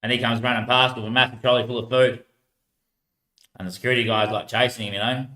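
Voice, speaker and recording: Aussie bloke rambling thru his stories, sharp bright voice, echoey sound. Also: medium pitch, fairly even intonation, fast talker. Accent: Australian. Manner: rambling, laughs often, drops his voice at the ends of lines. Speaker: homeless man telling stories. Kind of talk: rambling casual storytelling.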